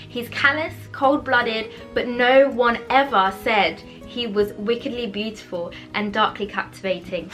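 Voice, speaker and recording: A woman chatting casually about books she has bought, bubbly and giggly, with animated outbursts. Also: on the high side. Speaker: book vlogger. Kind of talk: casual book haul chat.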